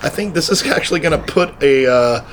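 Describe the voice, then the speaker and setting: A man's voice: fairly high pitch, lively intonation, brisk, a little hiss or hum. A man co-hosting a podcast, laid-back and laughing often in casual chat. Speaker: podcast co-host.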